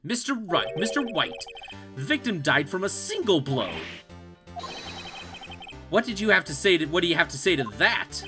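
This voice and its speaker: A man's voice: sits high, big pitch swings, moderate pace, long pauses. A man reading a firm young defense attorney. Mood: assertive. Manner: firm, assertive. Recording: game music underneath.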